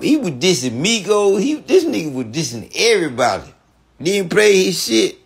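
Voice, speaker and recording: A man's voice: fairly high pitch, moderate pace, vocal fry, husky. Guy ranting about someone on a podcast, swears a lot, keeps repeating himself. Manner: profane, repetitive, animated outbursts. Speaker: podcast guest. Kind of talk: heated storytelling rant.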